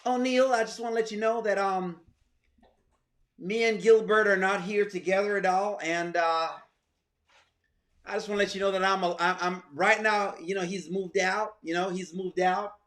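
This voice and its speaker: A man's voice: high-pitched, fairly even intonation, moderate pace, echoey room, voice pushed down. A man doing a woman's voice as she hesitantly hints that her man has moved out. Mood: coy. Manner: hesitant, rambling, soft.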